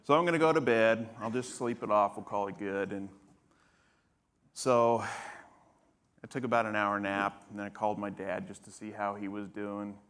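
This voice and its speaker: Brief: fifty-something man, lower voice, casual humorous storyteller on stage. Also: steady tone, moderate pace, a bit bright, clear, resonant tone. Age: 50s. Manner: casual, humorous, acts out others' lines in dialogue. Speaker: patient guest. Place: conference stage.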